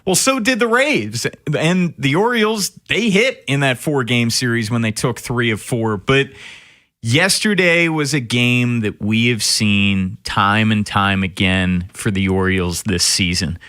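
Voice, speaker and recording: A man's voice: mid-range voice, unhurried, pushed and bright. A man hosting a sports radio show, talking emphatically and restarting sentences as he builds his point.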